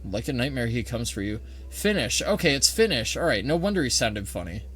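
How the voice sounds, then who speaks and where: A man's voice: medium pitch, sing-song, brisk, fairly bright tone, husky. A man giving casual, joking let's-play commentary, swearing freely and reading in-game text aloud. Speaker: gaming video creator.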